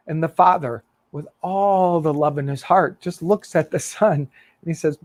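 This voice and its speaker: Male minister, sermon storyteller, earnest and expressive, slightly high voice. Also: normal speed, no echo.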